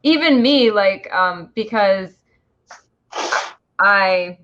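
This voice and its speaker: Slow-talking woman co-host. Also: medium pitch, animated, a bit bright. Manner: unhurried, laughs along, hesitant fillers. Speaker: podcast co-host. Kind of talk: casual interview chat. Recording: muffled lo-fi audio.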